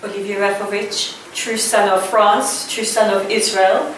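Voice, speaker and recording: A woman hosting an interview, introducing and thanking her guest with warm praise. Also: mid-range voice, little pitch movement, unhurried, heavy reverb, distant mic, slight background noise, poor audio.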